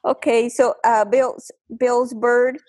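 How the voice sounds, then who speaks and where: A woman hosting a comedic call-in game show, deadpan and rambling with fillers. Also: fairly high pitch, slow pace, slight background noise. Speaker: host.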